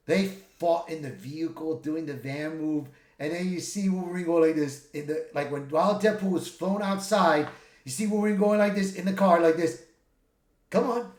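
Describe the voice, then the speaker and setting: Male movie reviewer, casual and rambling, slightly high voice, roomy echo. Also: moderate pace. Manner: rambling, excitable retelling with many restarts and swearing. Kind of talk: casual spoiler review retelling a film. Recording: echoey room.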